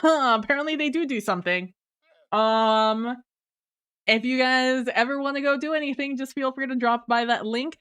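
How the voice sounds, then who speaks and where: A woman's voice: high voice, normal speed, a bit bright, clean tone. A woman livestreamer chatting casually with viewers at her home computer, laughing often and apologizing, with lots of fillers and restarts. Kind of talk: casual stream chat reading viewer messages.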